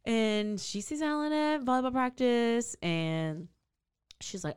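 A woman's voice: a little high, slow pace, clean tone. A woman co-hosting a podcast, telling a true crime story in casual chat and acting out the people's lines. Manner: animated storytelling, acts out characters' lines.

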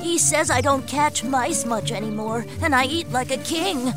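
A woman's voice: high voice, normal speed, over loud music, lightly acted. A woman voicing a nervous male cat in a told storybook tale, in a fretful tone.

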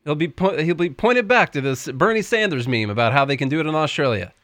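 A man's voice: fairly high pitch, animated, fast talker, fairly bright tone, no room sound. Folksy Tennessee man, dry sound. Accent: Southern US (Tennessee). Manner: folksy, joking, drawling. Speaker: podcast co-host. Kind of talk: casual chat and ad read.

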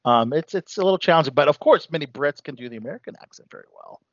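A man hosts a casual chat about new movies, chatty and full of asides. His voice is a little high and moves around a lot. The recording is dry and dull, lo-fi. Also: expressive, very fast, no echo. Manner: chatty, many fillers and "you know". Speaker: host. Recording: dull lo-fi sound.

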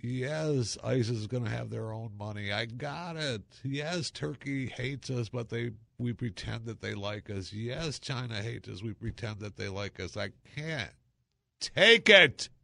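A man's voice: mid-range voice, a little slow, gravelly, hardly any pauses, no echo, clean studio sound. A man hosting a casual talk monologue, chatty and sarcastic, full of exclamations and asides. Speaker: talk show host.

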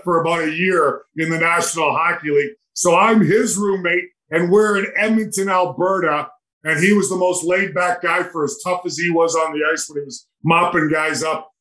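An older man spins rambling hockey road stories as a podcast guest, acting out the dialogue with lively energy. His voice sits a little high for a man. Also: low-quality recording. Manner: animated, rambling anecdotes with quoted dialogue. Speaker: retired hockey player, guest. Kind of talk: storytelling in a podcast interview.

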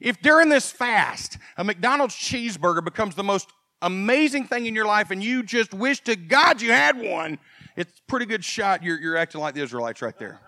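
A male pastor preaching a sermon, animated and swinging from quiet folksy asides to loud emphasis. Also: high-pitched, normal speed, no room sound.

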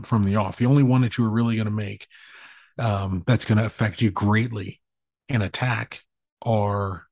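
A man in his thirties co-hosting a podcast, rambling through animated stories with plenty of swearing. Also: lowish voice, husky, no room sound. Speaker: podcast co-host. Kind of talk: casual chat.

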